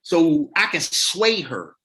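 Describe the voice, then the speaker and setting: Speaking slowly in a voice on the high side, this middle-aged man appears as a podcast guest. He casually recounts his life in laid-back street slang and plays the characters in it himself.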